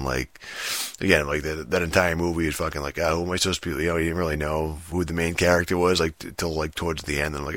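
Very deep-voiced man ranting casually. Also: a bit bright, no room sound. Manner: profane, rambling, many fillers and restarts. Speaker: solo commentator on movies and games. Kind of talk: rambling casual rant.

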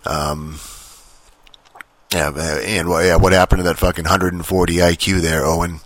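Podcast guy, really low voice, swears nonstop, lots of ums and restarts, super dry sound. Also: level tone, normal speed, a bit bright, dry recording. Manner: profane, rambling, frequent fillers and restarts. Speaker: podcast host. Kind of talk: casual rambling monologue.

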